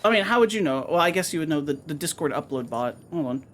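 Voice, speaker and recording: A woman's voice: low-pitched, fast, slight background noise. Chatty woman gamer yapping to chat, swears a lot, voice goes all over the place. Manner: excitable, chatty, swears casually. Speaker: streamer. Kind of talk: casual game-stream chat.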